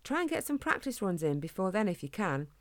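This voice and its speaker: A woman's voice: medium pitch, big pitch swings, a little fast, no echo, lightly acted. A polite, cheerful man who runs, as a woman reading puts him on, friendly and courteous. The recording is dry and close, as in a storybook reading. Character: friendly adult male human runner, polite.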